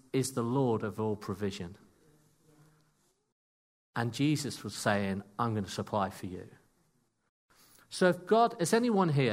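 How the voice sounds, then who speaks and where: A man delivering a sermon in an animated storytelling manner. He breaks off for self-deprecating asides, and his voice sits at an ordinary middle pitch. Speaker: preacher.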